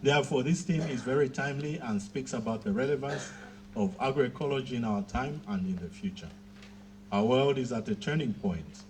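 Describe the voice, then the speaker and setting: A man giving a formal graduation speech, measured and pausing often with fillers. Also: mid-range voice, slight background noise. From Southern Africa.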